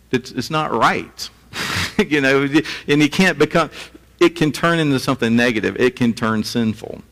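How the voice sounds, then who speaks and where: A man's voice: mid-range voice, gravelly, fairly bright tone. Chatty male pastor in echoey hall. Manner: conversational, chuckling asides. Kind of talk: sermon.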